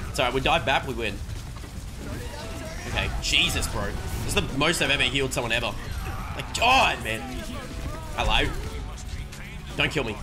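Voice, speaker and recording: A young man giving joking, excitable gameplay commentary with sudden shouts. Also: mid-range voice, normal speed, long pauses. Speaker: gaming streamer. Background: background music.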